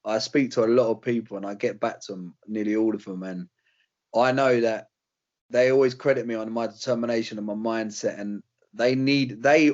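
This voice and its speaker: A man's voice: fairly low pitch, fairly even intonation, moderate pace, darkish tone, muffled recording. A young British man, a fighter, chatting casually in an interview, rambling with slang and fillers. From Britain. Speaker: UFC fighter guest.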